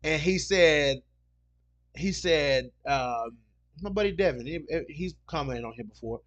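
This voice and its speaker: Man, host, casual chat, rambling, repeats himself, slightly high voice. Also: expressive, unhurried. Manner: rambling, repeats "you know what I'm saying". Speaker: podcast host. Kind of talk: casual solo chat reading comments.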